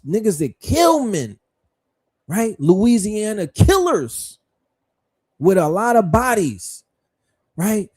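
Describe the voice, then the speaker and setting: Warm in tone and pitched high, this middle-aged man runs a livestream, offering commentary that leans on rhetorical questions and blunt cursing.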